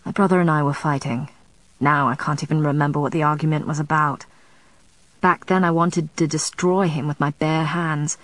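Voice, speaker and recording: A woman's voice: low voice, steady tone, normal speed, a bit bright, no echo. A woman reading the part of a brooding, tormented male vampire in an audiobook, speaking emphatically with a strained voice. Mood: anguished. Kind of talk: audiobook character voice.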